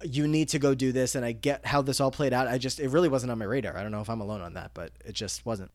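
A man co-hosting a podcast, recapping an episode in steady, casual conversation. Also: mid-range voice, quick pace, no echo. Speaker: podcast co-host.

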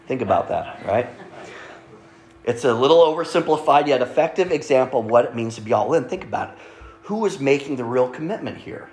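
A man's voice: medium pitch, lively intonation, brisk, a little mellow, slight background noise. A man pastor preaching a sermon in a conversational way, often checking in with the congregation. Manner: conversational, frequent "right?" asides to congregation. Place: church sanctuary. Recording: echoey church room.

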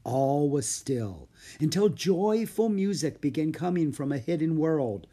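A reader doing an old Irish storyteller woman, husky. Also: medium pitch, lively intonation, unhurried, voice pushed up. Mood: hushed. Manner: hushed, lilting storytelling. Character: older Irish woman storyteller, dreamy, believes in fairies.

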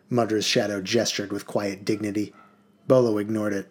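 A man reading a children's novel aloud in a lively, expressive way. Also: fairly low pitch, moderate pace. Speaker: audiobook reader.

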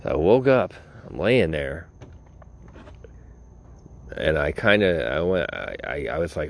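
Low-pitched male podcast host; loose, chatty, informal storyteller who talks right to his listeners. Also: very animated, measured pace, creaky, long pauses. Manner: rambling, informal, swears, talks straight to listeners. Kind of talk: casual storytelling.

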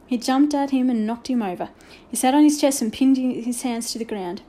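A woman narrating a children's storybook aloud in a clear, expressive way. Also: fairly high pitch, fairly quick.

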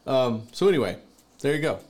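A man's voice: medium pitch, sing-song, brisk, a little mellow. Guy cohosting a chill podcast, laughs a lot, mid voice, little hiss in back. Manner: playful, laughs often. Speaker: podcast co-host. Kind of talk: casual chat.

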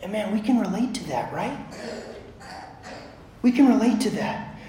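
A pastor in his thirties preaching a sermon, telling a family story in a conversational way full of fillers, moving between hushed and loud passages. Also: sits high, sing-song, normal speed. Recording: echoey room.

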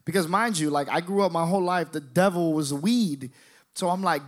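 A young man telling a story in an animated, profane way, acting out other people's voices. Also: a little high, moderate pace. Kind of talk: storytelling monologue.

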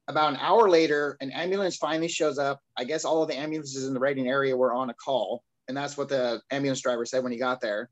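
A man's voice: medium pitch, steady tone, fast, hardly any pauses, rough recording. A young man telling a personal story of addiction and faith in a rambling, earnest way, often quoting himself and others.

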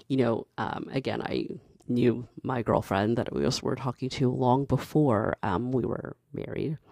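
A woman talks straight to the listener in a casual, opinionated commentary. Her voice is mellow and warm with a gravelly edge. She is candid and passionate, and she builds steadily toward emphatic points. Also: very deep voice, dry recording, studio quality.

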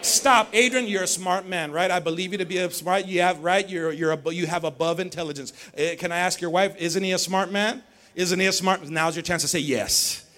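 High bright-voiced pastor preaching. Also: male voice, fairly even intonation, brisk. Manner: swings from shouted preaching to low conversational storytelling; call-and-response with the congregation. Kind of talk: sermon. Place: church sanctuary.

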